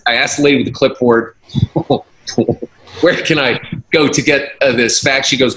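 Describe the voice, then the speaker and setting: Bright animated man telling a story. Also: mid-range voice, normal speed. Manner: animated, acts out quoted voices, laughs often. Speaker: comedian guest. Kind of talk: casual storytelling. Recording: roomy echo, faint noise.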